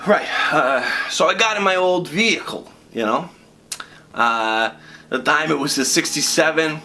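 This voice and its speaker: A man's voice: a little high, expressive, normal speed, pushed and bright. An actor playing a rambling, crude construction foreman, stammering through a mock true-crime interview. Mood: teary.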